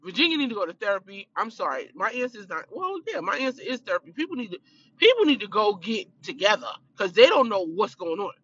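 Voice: medium pitch, big pitch swings, fast talker, a bit bright, husky, highs cut off. A speaker giving blunt, opinionated casual commentary on a reality show, stressing points by repeating them.

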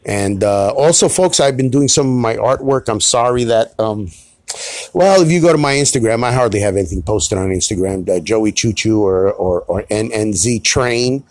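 A man's voice: on the low side, animated, moderate pace, a little mellow, dry recording. A middle-aged man, hosting a solo podcast in a rambling, self-deprecating way with some swearing. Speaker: podcast host.

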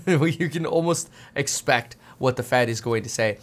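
Man, finance commentary, casual and animated, mid-pitched voice, jokey asides. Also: normal speed. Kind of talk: casual market commentary reading news aloud.

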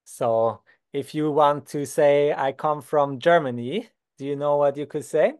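A man's voice: a little high, darkish tone, clean tone. Patient Swiss man teaching German basics. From Switzerland. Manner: patient, slows down to model words. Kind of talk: beginner language lesson.

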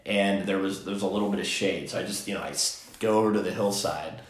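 Talking quickly in a low voice, this podcast host rambles through a long casual story, restarting often and throwing in "he's like" asides. The room he's in is echoey.

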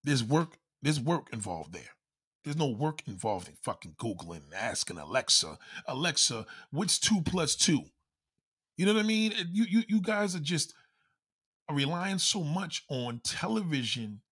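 Man, husky, lively up-and-down pitch, profane comedic rant, acts out other voices. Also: normal speed. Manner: animated, swears constantly, acts out quoted voices.

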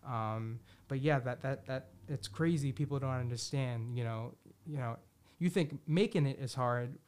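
A man's voice: medium pitch, moderate pace, a little mellow. Rambling, profane male podcast host. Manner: rambling, many restarts and "you know" fillers, frequent swearing; enthusiastic about music predictions. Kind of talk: casual solo talk.

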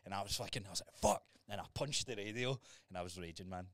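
A man's voice: deep voice, very fast, no echo, clean studio sound. Sweary Scottish man telling stories. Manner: sweary, animated storytelling. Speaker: podcast co-host. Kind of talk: casual chat.

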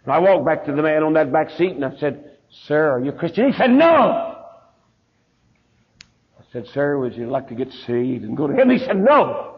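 A pastor with a Southern US accent, telling a story in a sermon and acting out the voices of the people in it, heard on a dull lo-fi recording. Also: male voice, a little high, lively intonation, fast talker, husky. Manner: folksy preacher, acts out quoted voices.

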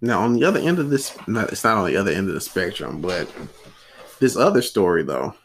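A man co-hosting a podcast who talks in a casual, animated way. His pitch swings widely as he tells stories, and he often acts out what other people said. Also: brisk, a little hiss or hum. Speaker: podcast co-host.

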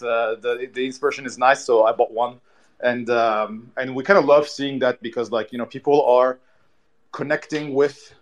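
A man on a live audio show talking loosely about his project, with lots of fillers and restarts. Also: medium pitch. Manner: loose and rambling, many fillers. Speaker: NFT project team member. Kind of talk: casual chat.

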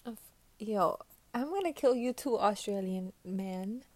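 A woman hosting a podcast, chatting casually and answering questions. She swears a lot and giggles, swinging between loud outbursts and muttered whispers. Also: medium pitch, measured pace, no room sound. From United States. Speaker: podcast host.

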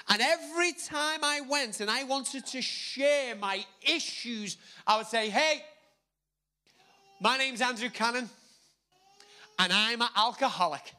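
High bright animated male preacher. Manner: animated, jokey, repeats words for emphasis. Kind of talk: sermon.

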